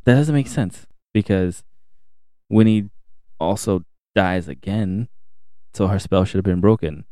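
A man's voice: low voice, measured pace, warm tone, dry recording, clean studio sound. A man co-hosting a podcast in casual chat, ranting animatedly and swearing freely. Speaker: podcast co-host. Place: home podcast setup.

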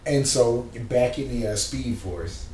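A man casually recapping a TV episode, telling it in a loose, animated way with plenty of slang. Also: medium pitch, measured pace. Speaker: podcast co-host recapping a TV episode. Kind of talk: casual chat. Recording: roomy, distant mic, faint background hum.

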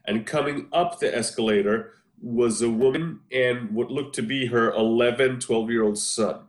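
A man in his forties hosting a casual chat over a video call, an animated storyteller who laughs often. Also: medium pitch, normal speed. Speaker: podcast host. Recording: roomy echo.

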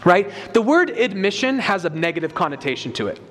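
A man's voice: sits high, sing-song, fairly quick, fairly bright tone, soft background music. A man preaching a sermon, explaining a Bible passage emphatically and reading scripture aloud to his congregation. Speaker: pastor. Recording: long hall reverb.

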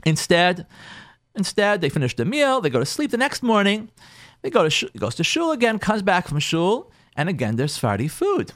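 Lively storytelling rabbi, a man. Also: high-pitched, quick pace. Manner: animated, acts out each character's lines. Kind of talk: storytelling talk.

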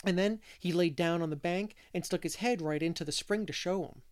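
A man's voice: sits high, fairly quick, lightly acted. A man voicing a chatty, mischievous little boy who rambles and keeps asking questions. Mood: chattering.

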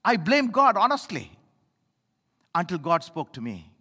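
A middle-aged male pastor preaching a sermon, emphatic, swinging between loud appeals and low asides, in a church. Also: big pitch swings, measured pace, husky. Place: church sanctuary. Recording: echoey hall reverb.

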